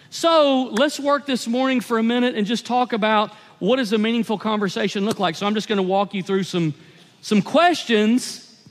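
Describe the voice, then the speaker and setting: High-voiced pastor preaching in a hall. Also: male voice. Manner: emphatic, conversational preaching with repeated phrases. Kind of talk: sermon.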